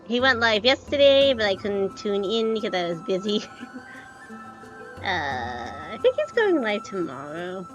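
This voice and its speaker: A woman's voice: mid-range voice, very animated, measured pace, soft background music, rough recording. A young woman streaming a game, chatting casually in a rambling, hesitant way with lots of fillers. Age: young adult.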